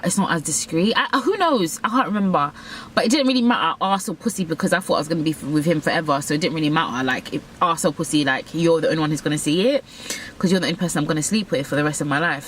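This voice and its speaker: A woman's voice: deep voice, a bit bright, slight background noise. A young woman telling a candid story, blunt, profane and self-mocking. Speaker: vlogger.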